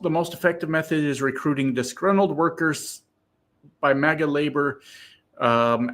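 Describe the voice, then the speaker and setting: Reading out viewer comments during a casual political livestream, a medium-pitched man fires back answers that are profane and emphatic, and he gets loud and worked up.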